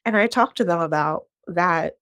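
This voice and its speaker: Blunt low-voiced woman telling her story. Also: normal speed, no room sound. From New Jersey. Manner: frank and blunt, swears casually; acts out quoted dialogue with animated shifts. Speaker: podcast guest. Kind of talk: candid personal storytelling.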